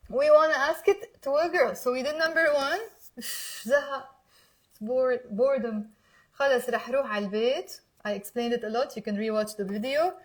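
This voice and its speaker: High-voiced Lebanese woman teaching Arabic. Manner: encouraging, coaxing viewers to repeat aloud; slows down to spell out words. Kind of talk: live online language lesson.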